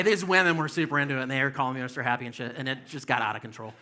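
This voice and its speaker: A man in his fifties rambles through a stand-up set with a bright, forceful edge to his voice. His delivery is loose and full of fillers and curses, and a faint hum of room noise sits behind him. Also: mid-range voice, fairly even intonation, very fast, hardly any pauses. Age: 50s. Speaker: stand-up comedian. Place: comedy club stage.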